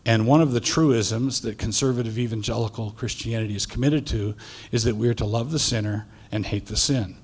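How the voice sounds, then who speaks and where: A middle-aged male pastor giving a deliberate, halting answer in a debate. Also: medium pitch, a little mellow, breathy edge.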